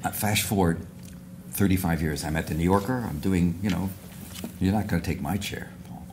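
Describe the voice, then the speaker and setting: An older man with a notably deep voice tells a long, wandering anecdote to a luncheon crowd. He circles back, restarts phrases and drops asides as he talks. A faint background hum sits under his voice. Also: moderate pace, gravelly. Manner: rambling storyteller with many restarts and asides. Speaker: award speaker. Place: luncheon hall.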